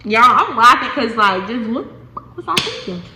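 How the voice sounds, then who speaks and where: A young woman telling a casual storytime to her viewers, animated and chatty, often calling them y'all. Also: on the high side, normal speed. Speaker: vlogger. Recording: echoey room with faint noise.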